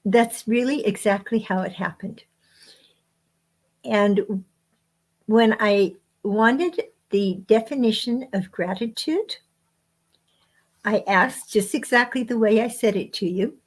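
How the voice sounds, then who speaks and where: Slow, measured woman sharing spiritual teaching. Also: mid-range voice. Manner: slow, measured phrasing with frequent pauses. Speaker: guest author.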